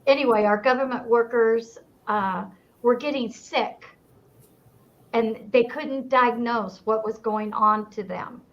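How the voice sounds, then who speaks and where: A woman's voice: fairly high pitch, takes it slowly, dull audio. An older woman hosting an interview chat, hesitant and searching for words. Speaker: host.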